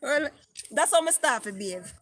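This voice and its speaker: Speaking into her phone on a live stream, a chatty middle-aged vlogger with a Jamaican accent reads out comments from viewers and slips into patois. She sounds high-pitched, animated and fairly bright at a normal speed, over soft background music.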